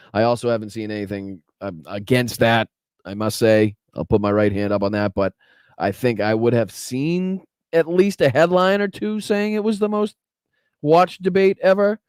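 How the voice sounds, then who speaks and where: A man's voice: on the low side, steady tone, moderate pace, darkish tone, smooth, no echo. A man hosting a political podcast livestream, chatting casually with his chat, swearing freely and sounding sarcastic. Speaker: podcast host.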